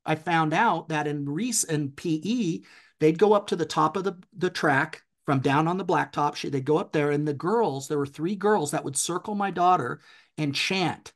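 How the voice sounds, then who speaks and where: A man's voice: fairly high pitch, normal speed. Intense man telling a personal story. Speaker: podcast guest.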